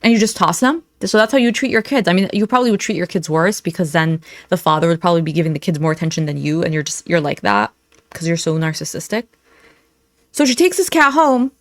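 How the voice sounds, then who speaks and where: A woman's voice: fairly low pitch, animated, quick pace, no room sound. A woman giving an indignant, blunt reaction commentary.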